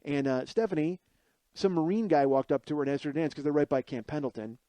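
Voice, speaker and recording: A man in his forties tells a comic personal story as a podcast host. He talks in a profane, rambling, self-deprecating way. His voice sits fairly high but sounds mellow and warm, in a dry recording. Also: fast, no room sound. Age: 40s.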